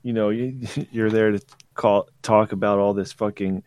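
A man's voice: fairly low pitch, steady tone, moderate pace, darkish tone, smooth, no echo. A man co-hosting a podcast who rambles loosely with fillers and swearing. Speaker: podcast co-host. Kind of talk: casual podcast chat.

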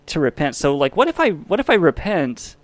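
A man's voice: on the high side, sing-song, a little fast, no room sound. A man hosting a podcast, talking in a rambling way that swings between jokey bits and heartfelt reflection. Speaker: podcast host. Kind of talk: casual podcast monologue.

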